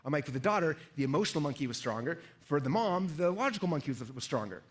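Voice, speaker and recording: A middle-aged man runs a live sales seminar, talking quickly in a slightly raised voice. He keeps checking in with the crowd and acts out the voices inside people's heads. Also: on the high side. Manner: energetic, asks the audience questions, acts out inner voices. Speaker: sales trainer. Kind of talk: live seminar talk to an audience.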